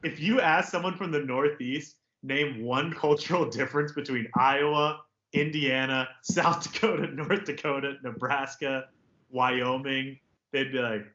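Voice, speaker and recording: A man co-hosting a sports podcast, ranting in a sarcastic, jokey, animated way. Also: medium pitch, normal speed. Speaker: podcast co-host. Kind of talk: casual sports chat. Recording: roomy, slightly dull podcast audio.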